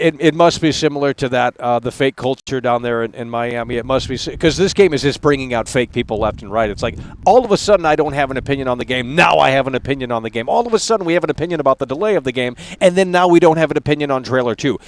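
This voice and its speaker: A man hosting a live stream talk show, ranting in a profane, exasperated way and laughing scornfully as he mocks what he sees. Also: fairly high pitch. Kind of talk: unscripted live stream rant.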